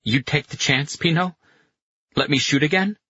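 A man voicing an excitable, nervous young male friend who talks in eager questions, in a slightly dull, lo-fi recording. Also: a little high, moderate pace, slightly rough, dry recording, voice pushed up. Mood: excited.

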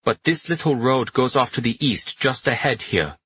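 A man reading the part of a commanding German army general, brisk and giving directions. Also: medium pitch, expressive, fairly bright tone, breathy edge, dry recording, muffled recording, pitched above the performer's own voice. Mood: directive.

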